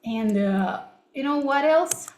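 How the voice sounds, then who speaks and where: Her voice sits high and sounds animated, with a slow pace and a darkish tone, echoing in a roomy space. She's a young woman from Kazakhstan whose first language is Kazakh, running a casual, upbeat English session and laughing often.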